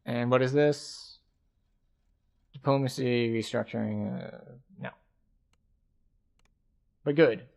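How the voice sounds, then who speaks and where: A man streaming a game, thinking aloud and calmly explaining the mechanics as he plays. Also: medium pitch. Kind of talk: casual gameplay commentary.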